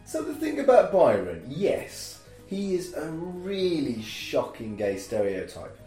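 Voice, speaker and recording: A man with a lively, swooping voice gives sarcastic, opinionated takes on a film. He is a little off mic in an echoey room, with faint music behind him. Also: fairly high pitch, takes it slowly, distant mic. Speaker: podcast co-host. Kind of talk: casual chat.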